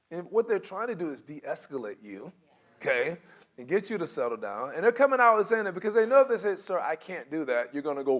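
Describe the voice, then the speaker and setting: Lively man teaching a church class. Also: on the high side, fairly quick. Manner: animated, acts out quoted dialogue, laughs often. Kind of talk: casual teaching talk. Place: church room.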